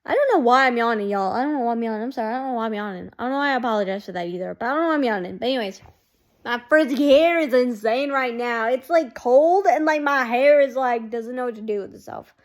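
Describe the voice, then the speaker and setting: Rambling chatty woman, fairly high voice. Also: fast talker. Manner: rambling, heavy use of "like", chatty. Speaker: fan vlogger. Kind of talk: casual chat.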